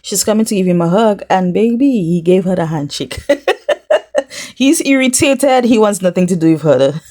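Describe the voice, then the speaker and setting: A woman's voice: mid-range voice, lively intonation, fairly quick, warm tone. Female vlog host, mid-range voice, casual and sassy reality TV gossip recaps. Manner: sassy, chatty, talks straight to viewers and the cast. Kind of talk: casual recap commentary to camera.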